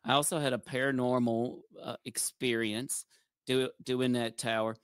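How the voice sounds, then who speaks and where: A man's voice: mid-range voice, flat delivery, moderate pace, clean tone, dry recording. A man, a former game show contestant, talking in a jovial, folksy, playfully boastful way in a casual group chat.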